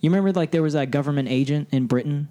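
A man's voice: on the high side, rapid-fire, mellow. A man co-hosting a podcast, telling an anecdote in a laid-back, chatty way with filler words. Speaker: podcast co-host. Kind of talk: casual chat.

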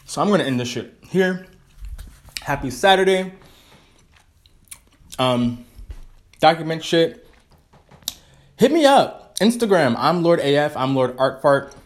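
A man hosting a casual solo podcast, rambling and swearing freely, now and then eating while he talks and jumping into high playful tones. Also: measured pace, pauses often. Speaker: podcast host.

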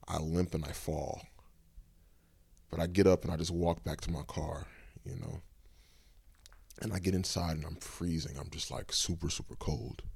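Very deep, gravelly man telling a story. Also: a little mellow, no echo. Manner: loose, rambling retelling with many fillers. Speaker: podcast host. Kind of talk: casual personal storytelling.

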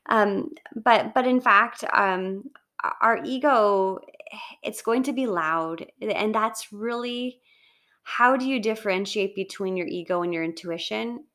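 Bright-voiced woman giving motivational talk. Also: mid-range voice, unhurried. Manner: chatty, encouraging, frequent "right?" and "like".

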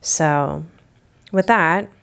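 A young woman from the United States tells a personal story on her podcast, her voice sitting low with a noticeable gravelly fry. She speaks candidly and reflectively, with casual fillers along the way. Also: very slow. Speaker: podcast host.

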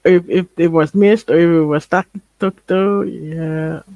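Male podcast co-host, high and unhurried, casual slangy chat full of laughs, dry recording. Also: steady tone, creaky, darkish tone, no echo. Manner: laid-back slang, laughs often. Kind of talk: casual chat about an anime.

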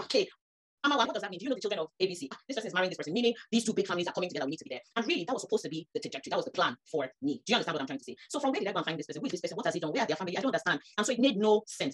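A woman's voice: lowish voice, husky. A woman, preaching a sermon that rises to emphatic peaks. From Nigeria. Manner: animated, rising to emphatic peaks.

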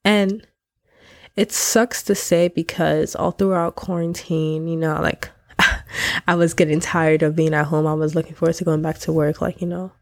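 A young woman hosts her solo podcast, sounding nasal and congested. Her low voice carries a gravelly fry, and she talks in a loose, slangy, candid way. The close mic is dry, with no room sound. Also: steady tone, moderate pace, no room sound. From Nigeria. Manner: chatty, candid, slangy, laughs often. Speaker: podcast host. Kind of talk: casual solo podcast chat.

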